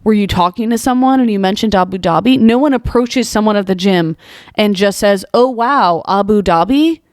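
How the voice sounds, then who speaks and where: A woman's voice: medium pitch, a little fast, a little mellow, no echo, studio quality. A young woman hosting a comedy monologue show, reading social media posts aloud and reacting with exasperated, incredulous rhetorical questions. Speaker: podcast host.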